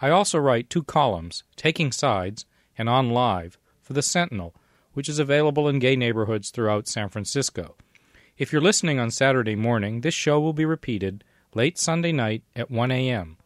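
A man hosting a radio talk show, asking questions and reading a brisk sign-off. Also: medium pitch, animated, no room sound, studio quality. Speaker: radio host and producer.

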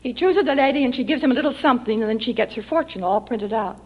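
A chatty restroom attendant explains things in a gossipy way, as a woman reading a story puts her on. Her voice is somewhat high and quick. The sound is dull and lo-fi. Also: animated, slightly rough. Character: chatty woman working as a ladies' room attendant. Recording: dull lo-fi archival recording.

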